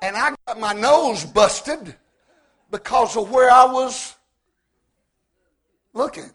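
A man preaching a sermon in a folksy, joking way, repeating words as he builds up and rising to shouts at his high points. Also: slow. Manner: repeats words when starting sentences.

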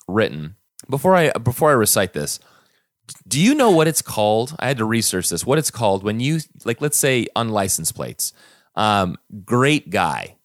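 Chatty podcast guy, lots of ums, lively low voice, dry mic. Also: no room sound. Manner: rambling, hesitant with many fillers. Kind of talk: casual chat.

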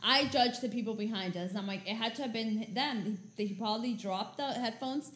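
A woman with a high, bright voice tells a story on a casual podcast. She is animated, laughs often and swears freely. The room has a clear echo. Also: fairly quick. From Mexican heritage. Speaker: podcast co-host. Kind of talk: casual chat.

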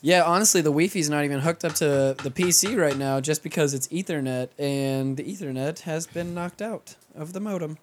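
A man's voice: a little high, moderate pace, hardly any pauses, a little hiss or hum. A young man hosting a home podcast, talking in a laid-back, profane, chatty way. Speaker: podcast host. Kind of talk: casual podcast chat.

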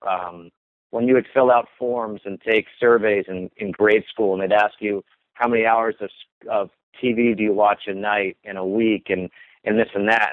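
A man's voice: lowish voice, dry recording. Man telling stories over a phone line. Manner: casual storytelling with many ums and restarts. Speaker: sports broadcaster, guest. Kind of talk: relaxed interview answers.

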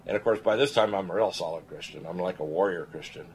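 A man in his sixties, a physician and radio host, telling a personal story in an animated, rambling way, often clearing his throat. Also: deep voice, fast, slight background noise, rough recording. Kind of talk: storytelling on a talk radio show.

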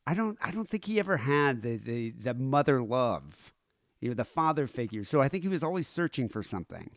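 A podcast host chats casually in a medium-pitched, sing-song, brisk voice, rambling with plenty of fillers and laughing easily. The sound is clean studio audio with no echo.

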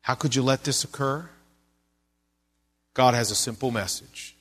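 In a church, a pastor gives a sermon a little slowly, sounding sincere and conversational. Occasionally he lowers his voice to soft, hushed passages.

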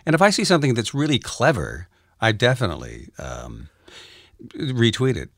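A man's voice: medium pitch, wildly swooping pitch, moderate pace, gravelly, a bit bright, dry recording, clean studio sound. A man who is a comedian, chatting casually on a podcast, joking and laughing often.

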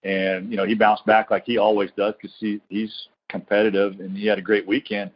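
The voice sits a little low, and the dull, lo-fi sound takes the sparkle off the top end. He is a college baseball coach talking in an earnest, reflective way, circling back and restarting phrases as he tells stories in a podcast interview. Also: level tone, brisk. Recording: dull lo-fi recording.

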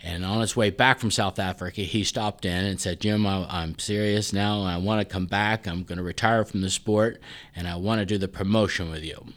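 A man with a notably deep voice talks through a long story in a relaxed, conversational way. He restarts phrases often and briefly takes on the voices of people he quotes. He is a guest being interviewed. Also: normal speed. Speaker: festival president, guest.

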